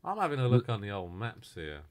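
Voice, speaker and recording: Wildly animated, sweary co-host. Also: male voice, on the low side, brisk, dry recording, clean studio sound. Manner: swears freely, teasing. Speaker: podcast co-host. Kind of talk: casual podcast banter.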